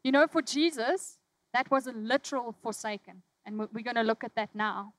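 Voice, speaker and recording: A woman preaching a sermon, telling a personal story with emotion, dropping from loud, urgent lines to hushed ones. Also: fairly high pitch, normal speed, no room sound, low-quality recording.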